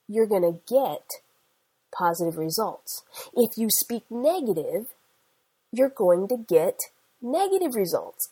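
Breathy woman preaching a sermon. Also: fairly high pitch, warm tone, low-quality recording. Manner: earnest, conversational storytelling with scripture quotes.

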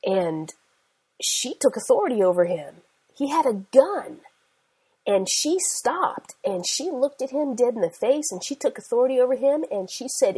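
Middle-aged woman preacher, husky, earnest, conversational storytelling sermon. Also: on the high side, very animated, normal speed, warm tone, rough recording.

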